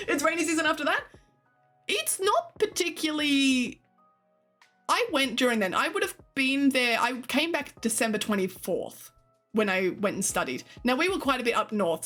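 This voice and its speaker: A woman's voice: on the high side, expressive, moderate pace, fairly bright tone, faint music behind. A young Australian woman streaming, chatting loosely with her chat, swearing freely and laughing often. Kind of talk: casual chat with live chat.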